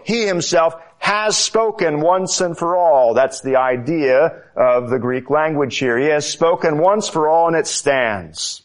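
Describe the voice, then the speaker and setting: A man preaching a sermon, slow and emphatic, lifting his voice to stress key words. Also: medium pitch. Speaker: pastor.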